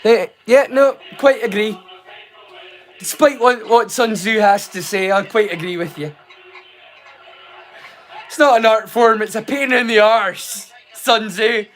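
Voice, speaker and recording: A man's voice: sits high, unhurried, long pauses, a bit bright, soft background music. A Scottish man hosting a livestream, chatting casually to his viewers in a rambling, sweary way and laughing easily. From Scotland. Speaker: livestream host. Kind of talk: casual chat.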